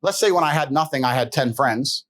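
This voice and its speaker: A man's voice: medium pitch, brisk, fairly bright tone. A man in a podcast chat, telling boastful stories in a brash, profane way and laughing often. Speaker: podcast guest. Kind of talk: casual storytelling chat.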